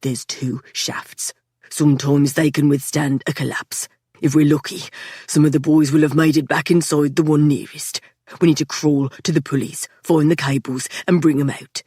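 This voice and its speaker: A stern young man leading a desperate rescue underground, as a woman reader puts him on. His words come out low, clipped and strained, in a voice pitched deep for the reader, dry and close. He sounds like an audiobook hero barking orders. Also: steady tone, moderate pace, mellow, husky, no room sound. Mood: tense. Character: stern, desperate young male miner leader.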